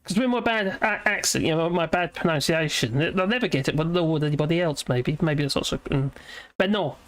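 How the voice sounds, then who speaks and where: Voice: medium pitch, brisk. A British livestream host chatting in a rambling way, reading viewer comments aloud and laughing often. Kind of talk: rambling live chat.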